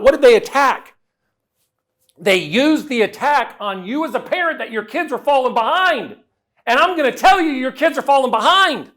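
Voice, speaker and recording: Man, middle-aged, slightly high voice, keynote storytelling, dramatic shifts in volume. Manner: animated, swings between loud and quiet, acts out quoted voices. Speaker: speaker.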